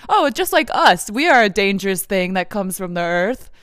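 A woman's voice: mid-range voice, big pitch swings, normal speed, a bit bright, no room sound, clean studio sound. A woman talking in a casual, meandering monologue, full of fillers and frequent laughs.

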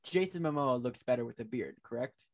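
A man's voice: medium pitch, lively intonation, fairly quick, vocal fry. A man hosting a podcast in casual chat, giggly and playful, often restarting his sentences. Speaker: podcast host.

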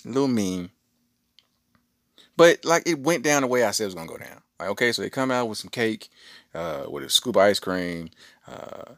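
A man's voice: mid-range voice, moderate pace, creaky, pauses often, dry recording, clean studio sound. A middle-aged man hosting a podcast, telling a rambling story in a casual, slangy way. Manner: animated, rambling, with slangy asides. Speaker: podcast host.

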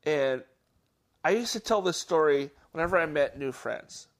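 Guy on a podcast telling a story, kinda raspy fry, lots of ums and restarts. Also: fairly high pitch. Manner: halting, with many restarts and fillers; gets animated at the story's peak. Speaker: podcast host. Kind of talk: casual storytelling.

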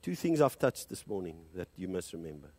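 Alternating English and Afrikaans, a male South African preacher delivers a fervent sermon fairly quickly, his pitch swinging widely. He climbs to loud high peaks, then sinks into quiet low stretches, recorded with no echo.

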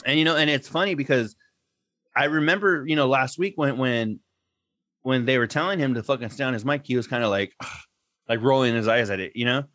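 A man's voice: mid-range voice, brisk, sharp tone, no echo, studio quality. A man co-hosting a podcast in casual chat, rambling and swearing freely, laughing often. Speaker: podcast co-host.

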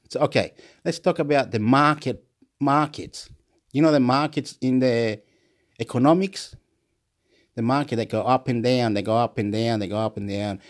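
A man rambling excitedly in a monologue vlog, laughing at himself and jumping between topics. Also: medium pitch, moderate pace. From Australia. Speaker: vlogger.

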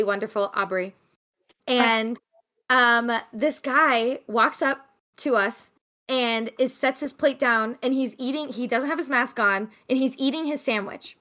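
A woman's voice: fairly high pitch, measured pace, bright, forceful tone. A young woman co-hosting a podcast, animatedly retelling a cafe encounter with quoted dialogue. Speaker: podcast co-host. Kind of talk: casual storytelling.

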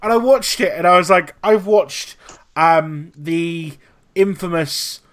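A man on a casual podcast spins animated, profanity-laced anecdotes. His voice sits a touch high for a man. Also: slow. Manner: animated storytelling, heavy swearing. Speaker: podcast co-host. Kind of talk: casual chat.

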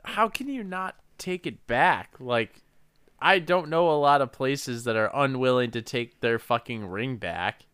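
Man, co-host, slow talker, lively pitch, bright voice, laughs a lot, dry recording. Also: clear, resonant tone, dry recording. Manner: laughs often, swears, mocks the characters. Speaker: podcast co-host. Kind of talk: casual chat.

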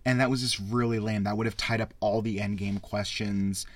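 A man hosting a casual spoken film review, rambling and excitable, with frequent swearing. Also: fairly low pitch, moderate pace, dry recording. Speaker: podcast host reviewing a film.

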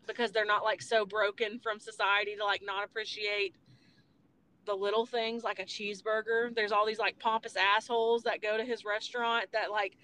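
A woman's voice: mid-range voice, a bit bright. A young woman hosting a podcast, casually retelling film scenes in a rambling way, with filler words and the odd swear. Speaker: podcast host. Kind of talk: casual movie chat. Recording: faint background noise.

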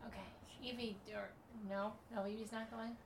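Higher-voiced mom chatting over a family game at home, gentle, slows down to explain stuff. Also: female voice, little pitch movement, creaky, background noise. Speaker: mother. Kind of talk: casual family chat over a tabletop game. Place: home, at a table.

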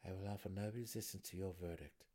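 A man voicing a young male dark elf prisoner who speaks calmly and quietly. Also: medium pitch, normal speed, natural voice. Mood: resigned. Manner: calm, quiet.

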